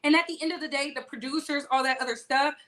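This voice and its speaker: A woman's voice: sits high, fairly even intonation, quick pace, a bit bright. A woman hosting a live-streamed gossip show, chatting casually and sassily while greeting viewers by name.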